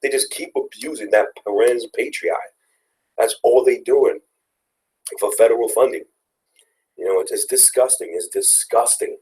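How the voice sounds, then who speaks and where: A man's voice: mid-range voice, normal speed, long pauses, a little mellow, poor audio. A young man, a father, telling personal stories in an earnest, casual interview with many restarts. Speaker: guest, father.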